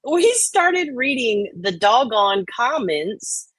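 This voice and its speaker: A woman's voice: a little high, very animated, takes it slowly, a bit bright, husky, no echo, poor audio. Laid-back woman reading comments. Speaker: host. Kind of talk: casual livestream chat.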